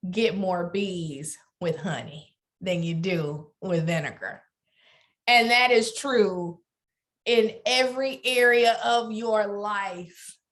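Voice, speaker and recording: A middle-aged woman with a Southern US accent answers interview questions. She talks slowly and earnestly, at an even, unhurried pace. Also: medium pitch. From Alabama. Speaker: guest lawyer. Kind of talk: interview conversation.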